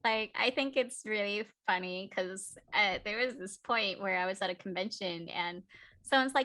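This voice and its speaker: Bright-voiced woman telling animated stories. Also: mid-range voice, normal speed. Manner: animated storyteller, acts out quotes. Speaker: guest cosplayer. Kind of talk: casual interview chat. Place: home.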